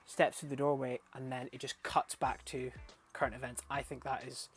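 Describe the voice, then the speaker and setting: This young man's film review vlog is a relaxed ramble full of profanity, with bursts of animation and laughter at the things that amuse him. He keeps a moderate pace at a medium pitch, and soft music sits behind him.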